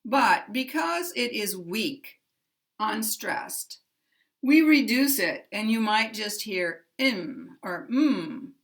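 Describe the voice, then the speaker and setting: American woman teaching pronunciation, super slow and careful, kinda gravelly. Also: fairly high pitch, lively intonation, a bit bright. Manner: very slow and careful, drawing out key words. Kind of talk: slow, deliberate teaching with spoken examples.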